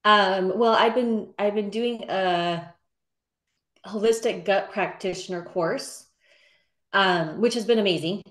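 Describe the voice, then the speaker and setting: A woman's voice: mid-range voice, takes it slowly. A woman taking part in a group session, sharing hesitantly with fillers. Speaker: workshop participant. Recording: echoey room.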